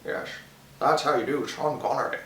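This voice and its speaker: A man's voice: medium pitch, fairly even intonation, moderate pace, fairly bright tone, slight background noise, close to an everyday voice. Brief: man doing a suave older man with a slushy lisp. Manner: slurred lisping s sounds. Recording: echoey room, far from mic.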